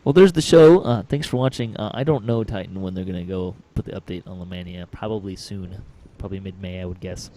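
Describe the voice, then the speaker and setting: Low-voiced man telling a rambling story. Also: fairly even intonation, fast talker, mellow, a little hiss or hum. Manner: rambling, chuckling storyteller with many fillers. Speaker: podcast host. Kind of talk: casual chat.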